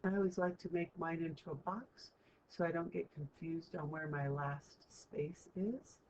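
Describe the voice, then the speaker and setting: A woman's voice: deep voice, steady tone, a little slow, darkish tone. Woman, teacher, math lesson, chatty, keeps asking right, faint hiss behind. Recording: muffled lo-fi recording, faint hiss.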